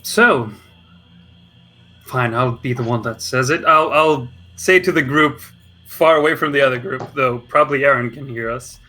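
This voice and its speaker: Bright-voiced man joking at a game table. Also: medium pitch, normal speed, soft background music. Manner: laughing, swearing, casual banter. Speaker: player. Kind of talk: casual chat at a tabletop game.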